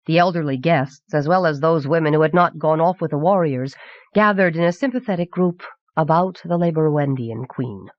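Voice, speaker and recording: A woman reading a novel aloud as audiobook narrator in a measured, clear voice from an old cassette recording. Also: low voice, no echo. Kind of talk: scripted narration. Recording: dull 1990s cassette audiobook.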